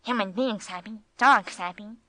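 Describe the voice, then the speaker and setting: A woman's voice: medium pitch, moderate pace, bright, forceful tone, no echo, lightly acted, rough recording. A woman voicing Gringo, a good-natured old male dog who jokes in a grave, dry way, in a storybook reading. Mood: amiable.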